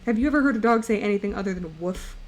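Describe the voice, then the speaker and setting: A woman's voice: medium pitch, animated, rapid-fire, a little mellow, soft background music. Playful chatty young woman streamer. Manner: playful, rambling, chatty with chat. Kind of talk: casual live-stream chat while drawing.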